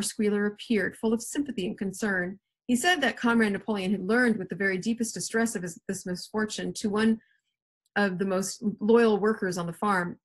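Woman English teacher, expressive read-aloud, husky breathy tone, mid pitch. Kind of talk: reading a novel aloud to a class.

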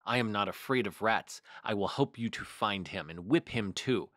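A man reading aloud and voicing a brisk, stern cat cousin with a firm, no-nonsense manner. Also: on the low side, a bit bright, dry recording, clean studio sound, close to an everyday voice.

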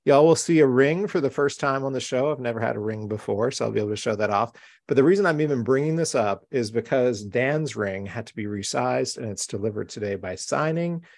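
A man's voice: mid-range voice, brisk, vocal fry, darkish tone. A man hosting a live-streamed craft show from home, chatty, upbeat and welcoming. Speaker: host.

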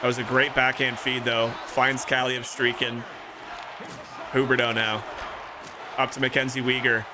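A young man streaming a hockey video game, calling the plays like a sportscaster and reacting with excited outbursts. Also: mid-range voice, measured pace, long pauses, background noise. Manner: excitable play-by-play, rising to shouts. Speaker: gaming streamer. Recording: music playing clearly behind.

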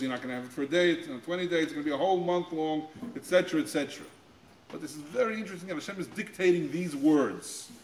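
Male guest speaker, slightly higher voice, teaching Torah to teens, animated with quotes, repeats words, reverberant school space. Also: slight background noise. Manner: acts out quoted voices with pitch jumps; repeats words while finding phrasing. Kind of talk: Torah talk to high school students. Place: school room.

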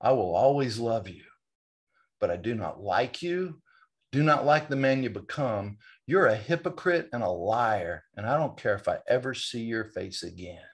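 A man voicing his stern, angry preacher father, scolding slowly and emphatically. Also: medium pitch, lively intonation, slightly rough. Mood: cold. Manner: indignant, scolding, slow and emphatic.

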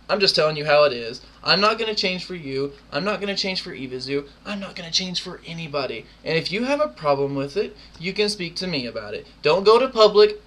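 A young man in his twenties rants to camera, defiant and mocking, with constant swearing. His voice sits a little high, with a tense, bright edge. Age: 20s. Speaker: gaming clan member. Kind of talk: ranting video monologue.

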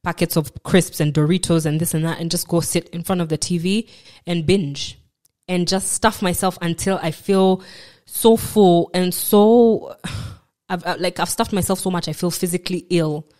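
Woman, Kenyan accent, lowish voice, candid storytelling, reflective, self-deprecating. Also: fairly even intonation, normal speed, darkish tone. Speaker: podcast guest.

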